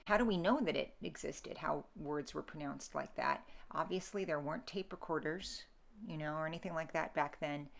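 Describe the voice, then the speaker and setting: A woman's voice: deep voice, normal speed, creaky. A woman lecturing students on Middle English pronunciation, patiently demonstrating sounds and checking in with a frequent okay. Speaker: literature instructor.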